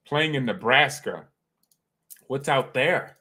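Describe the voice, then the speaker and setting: A man hosting a fan live stream, rambling and joking with chat, swinging from calm talk to loud excited outbursts. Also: medium pitch, unhurried, pauses often.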